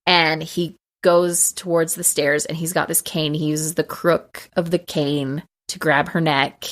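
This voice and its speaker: A woman with a low voice hosts a casual podcast and walks through a film plot. Her retelling is animated, and she slips into the characters' lines as she goes. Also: measured pace. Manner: animated retelling, acting out quotes. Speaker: podcast co-host.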